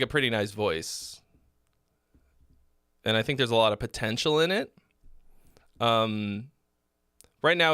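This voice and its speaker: A man hosting a live song-feedback stream, speaking bluntly with many fillers and frequent throat clearing. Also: mid-range voice, sharp tone, no echo, clean studio sound. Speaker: host giving song feedback. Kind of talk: casual live critique.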